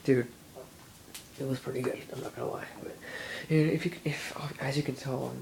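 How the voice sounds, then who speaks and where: A man's voice: mid-range voice, steady tone, moderate pace, creaky, noisy background. An 18-year-old man with a stuffy nose, rambling casually in a video diary with lots of restarts. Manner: rambling, full of "dude" and "like", many restarts. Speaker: vlogger. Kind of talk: casual chat.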